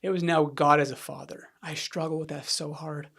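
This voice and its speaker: A man with a fairly high, gravelly voice tells his own story in a podcast conversation. He rambles, restarts and keeps checking in with the listener, and his voice sometimes sinks almost to a whisper. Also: level tone, normal speed, fairly bright tone. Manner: rambling, frequent "right?" and restarts, drops to near-whisper when reliving moments. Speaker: podcast guest. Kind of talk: candid personal storytelling in conversation.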